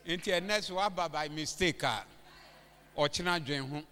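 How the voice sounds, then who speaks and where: A Ghanaian man preaches at a convention with a high, sharply bright voice. He leads the room in call-and-response and climbs to shouted, urgent exhortations. His voice rings through a reverberant hall with music playing softly underneath. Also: a little slow. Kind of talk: convention sermon. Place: large church hall. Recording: echoey hall with music behind.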